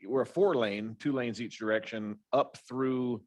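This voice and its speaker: Man asking halting questions at a meeting. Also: mid-range voice. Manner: halting, repeats words while thinking aloud. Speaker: council chair. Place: council meeting room.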